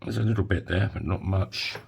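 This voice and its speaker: A man's voice: low-pitched, a little fast, vocal fry, noisy background. A man giving a casual DIY tutorial in his home workshop, chatty and jokey with self-mocking asides. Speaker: coin ring maker.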